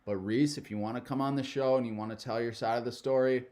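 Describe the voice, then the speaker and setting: A man's voice: mid-range voice, steady tone, fast, a little mellow. Male reaction host, young adult, chatty and rambling. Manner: rambling, profane, loose and chatty. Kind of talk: casual commentary.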